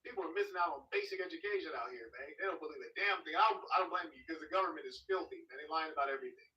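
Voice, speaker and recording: Male streamer, casual slangy live reaction, bright sharp voice, echoey room. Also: a little high, very fast, lo-fi sound. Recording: echoey room, far from mic.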